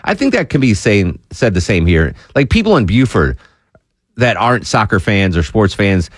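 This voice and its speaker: A man's voice: fairly low pitch, normal speed, no room sound, clean studio sound. A man hosting a radio talk show, chatting casually and joking, slipping into voices of imagined fans. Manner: jokey, animated, puts on voices of fans.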